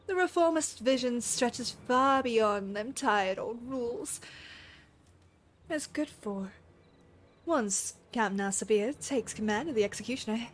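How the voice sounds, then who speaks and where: A woman putting on a bloodthirsty pirate villain, rough put-on pirate accent, drawled menacing taunts, fairly high voice, for a game read-along. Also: slight background noise, close to an everyday voice.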